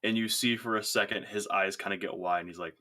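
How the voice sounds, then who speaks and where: A man's voice: lowish voice, steady tone, fast, pushed and bright. A man running a tabletop game as game master, narrating in an easygoing way with frequent laughs and fillers.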